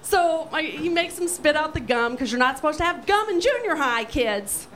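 A woman telling a profane, animated comic story on stage, brash and lively. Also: high-pitched, moderate pace, rough recording. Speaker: storyteller guest.

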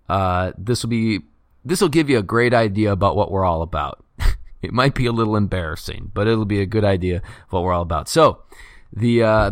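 A man with a fairly low voice hosts a casual sports podcast. He reads listener write-ins at a quick clip and teases his co-host in a loose, joking way. The recording is close and dry, with no room sound. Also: fairly bright tone, dry recording.

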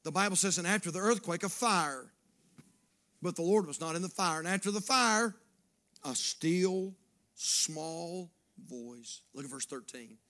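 Pastor, male, high-pitched, dynamic preacher who swings between hushed asides and shouted, repetitive exhortation. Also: animated, fairly quick. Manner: swings from hushed near-whispers to loud fervent preaching. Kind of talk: sermon.

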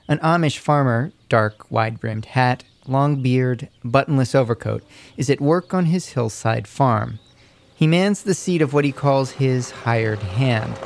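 A man reporting a radio news feature in a measured, scripted narration, recorded at a studio mic. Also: medium pitch, vocal fry, a little hiss or hum.

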